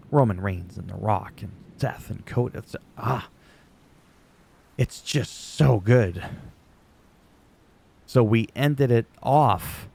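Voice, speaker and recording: A man's voice: on the low side, gravelly, darkish tone, slight background noise. A man whose first language is French, ranting sarcastically and profanely as a YouTuber recapping wrestling. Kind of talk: ranting casual commentary.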